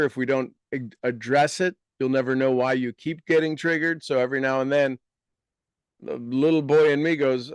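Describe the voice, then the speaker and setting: Earnest man leading slow spoken affirmations. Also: mid-range voice, smooth, no room sound, studio quality. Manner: slow, deliberate repetition of affirmations; earnest, explanatory delivery. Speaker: speaker guiding an audience. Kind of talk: motivational talk with guided affirmations.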